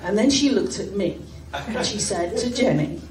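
A British woman tells a comic anecdote on stage in a lively, self-mocking way. She is heard from far off in an echoey hall. A loud crowd and heavy noise sit under her voice. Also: medium pitch, normal speed. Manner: lively, self-mocking, laughing through the telling. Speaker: storyteller at a fan festival. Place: hall at a fan gathering.

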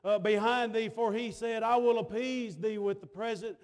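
High-voiced preacher, folksy. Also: male voice, fairly even intonation, normal speed. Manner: folksy preaching, swings from hushed to loud. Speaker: pastor. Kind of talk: sermon. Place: church sanctuary.

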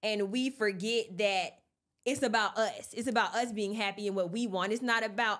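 A woman's voice: mid-range voice, moderate pace, fairly bright tone. A woman hosting a podcast in casual chat, talking earnestly and laughing often. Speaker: podcast host.

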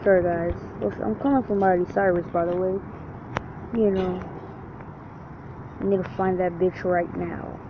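A man's voice: sits high, flat delivery, moderate pace, pauses often. Dude trash talking thru his game, swears nonstop, kinda muffled cheap mic sound. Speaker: gamer. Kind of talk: profane let's-play commentary. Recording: dull lo-fi recording with faint hiss.

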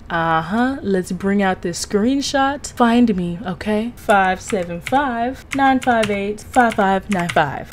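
A young woman talking through a video game for her channel in a chatty, excitable way, addressing her viewers directly. She is jumpy and quick to shriek and gasp in a sharp high pitch, and her voice sits at an ordinary middle pitch. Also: slight background noise. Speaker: gaming YouTuber. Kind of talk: gaming commentary.

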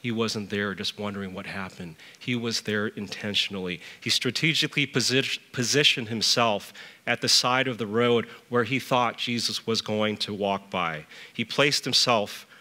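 Middle-aged male church elder, sermon delivery, bright tone, storytelling with emphatic pitch rises. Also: big-room sound.

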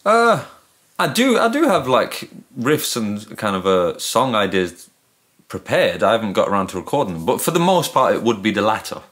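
Northern english guy, lowish voice, rambly and modest, just chatting as a guest. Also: big pitch swings, normal speed, fairly bright tone. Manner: modest, self-deprecating, rambling. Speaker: guest guitarist. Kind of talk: casual interview chat.

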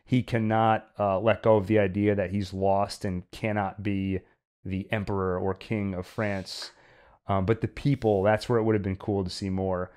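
A man's voice: fairly low pitch, level tone, moderate pace, a little mellow, smooth. A man co-hosting a podcast, talking through a film in a reflective, casual way, often restarting his sentences. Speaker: podcast co-host.

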